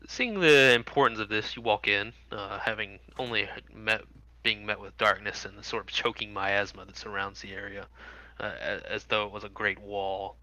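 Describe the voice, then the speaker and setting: A man's voice: lowish voice, steady tone, normal speed, pushed and bright, dry recording, low-quality recording. A man narrating as dungeon master of a tabletop game, describing scenes vividly with frequent fillers.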